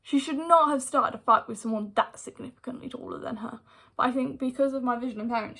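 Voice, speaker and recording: A young woman with a slightly high voice tells a story from her school days in a storytime vlog. She talks casually and directly to her viewers, and drops "like" all through her sentences. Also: a little fast, gravelly, pushed and bright, husky. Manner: chatty retelling full of "like" fillers. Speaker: vlogger.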